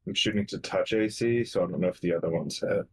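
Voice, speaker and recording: A man's voice: low voice, fast talker, breathy edge. A man playing in a tabletop game, matter-of-fact and asking rules questions. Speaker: player. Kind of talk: casual game chat.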